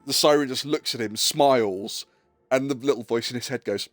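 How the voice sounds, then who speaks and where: A man's voice: mid-range voice, moderate pace, soft background music. A man streaming and chatting casually, retelling a story with lots of fillers and acted-out quotes. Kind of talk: casual chat while streaming.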